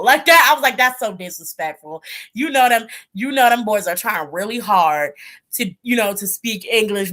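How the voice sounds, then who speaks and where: Casual livestream host, woman, animated and chatty, mid-range voice. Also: medium pitch. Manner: animated, laughing, chatty storytelling. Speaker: tarot channel host.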